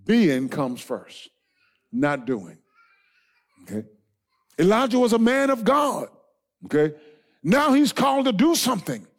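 A man preaching a sermon as pastor, emphatic, swinging from shouted lines to soft asides and dropping in amens. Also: high voice, sing-song, measured pace, long pauses. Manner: punctuates with amen and all right.

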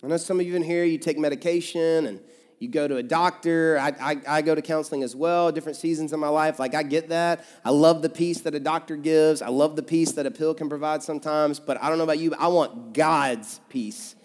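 A man with a high voice preaches to his congregation in a loose, joking, conversational way, slipping into voices for the people he quotes. His words ring out with a long echo through a large church hall. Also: fairly even intonation, fairly quick, a little mellow. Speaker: pastor. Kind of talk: sermon. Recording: reverberant sanctuary sound.

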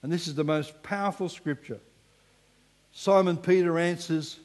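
Male pastor, higher-pitched voice, animated sermon delivery, recorded with long hall reverb. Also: moderate pace. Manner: animated preaching, drops to hushed emphasis, acts out voices. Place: church hall.

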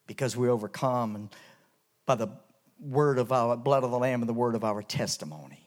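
At a fairly quick clip, a Canadian preacher delivers a revival sermon in church, his voice dropping to quiet hushes and then climbing to loud, soaring heights.

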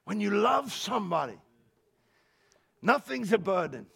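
A high-pitched pastor with a gravelly edge preaches an unhurried sermon at a church service, his pitch swinging widely. He moves from quiet reflection to passionate shouting, repeating words while gathering his thoughts and laughing along with the congregation.

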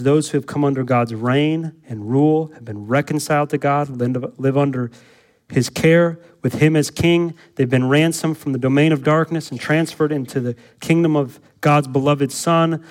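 A male pastor preaching an expository sermon, building to urgent emphatic repetition and then slowing to quiet, earnest appeals. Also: a little high.

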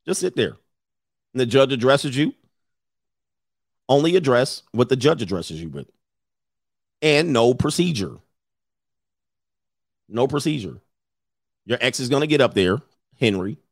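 A man's voice: medium pitch, big pitch swings, unhurried, vocal fry, pauses often, dry recording, clean studio sound. A middle-aged man giving blunt, profane advice in a casual talk, often mimicking others in a raised voice. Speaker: podcast host giving advice.

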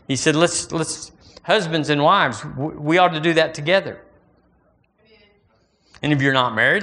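Bright-voiced preacher man. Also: medium pitch, normal speed. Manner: animated preaching with rising bursts; folksy, repeats phrases. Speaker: pastor. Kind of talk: sermon.

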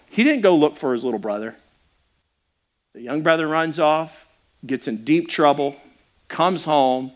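A middle-aged man preaching a sermon as a pastor, telling the story conversationally and acting out the people in it, with frequent restarts. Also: on the high side. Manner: animated storytelling with acted-out quotes.

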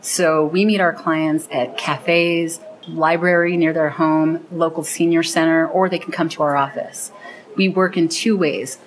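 A woman's voice: low-pitched, steady tone, measured pace, poor audio. A woman being interviewed about the program she founded, telling stories earnestly and with enthusiasm. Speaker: founder of a program linking teens and seniors. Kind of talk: interview conversation.

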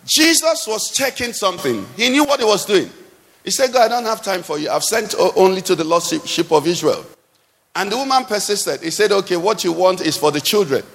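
A man preaching a sermon in a church, with animated, sing-song delivery that swings between loud and soft. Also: high-pitched, a little fast. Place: church hall. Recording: long hall reverb.

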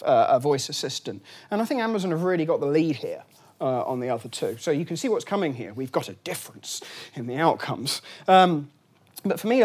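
A fairly high-voiced, middle-aged man gives a relaxed lunchtime lecture. He talks in a loose, chatty way, full of ums, restarts and wry asides to the room.

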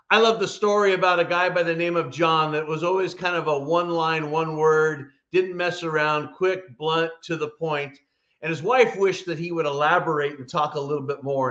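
Man preaching a lively sermon. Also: on the high side, lo-fi sound. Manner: storytelling with dynamic swings between emphatic and hushed. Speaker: pastor.

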